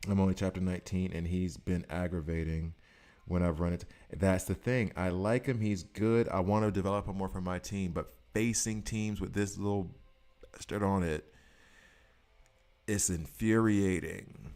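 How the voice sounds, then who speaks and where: A man's voice: sits low, fairly even intonation, moderate pace, darkish tone. A man in his thirties streaming a mobile game, chatting casually and joking with his chat. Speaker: gaming streamer. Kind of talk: casual live-stream commentary.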